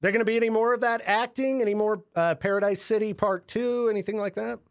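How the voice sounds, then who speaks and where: A man's voice: sits high, fairly even intonation, quick pace, clear, resonant tone. A man in his late thirties hosting a podcast, easygoing and friendly, calling his guest man and dude. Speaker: podcast host. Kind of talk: casual chat.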